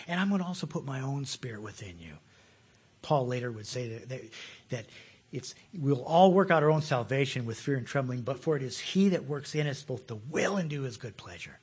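A man preaching a sermon, folksy and animated, with repeated words and frequent chuckles. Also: mid-range voice, a little fast, slightly rough.

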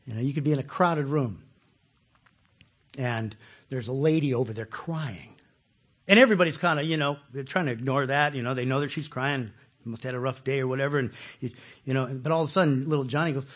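Male pastor, husky voice with big swings in pitch, chatty sermon delivery that acts out its quotes. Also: a little fast. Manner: animated, acts out quoted voices, asks the listeners questions. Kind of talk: conversational sermon.

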